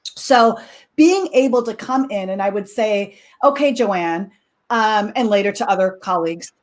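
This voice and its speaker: A middle-aged woman telling a lively classroom story in a casual talk, with many fillers and quick laughs. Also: mid-range voice. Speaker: co-teaching expert guest.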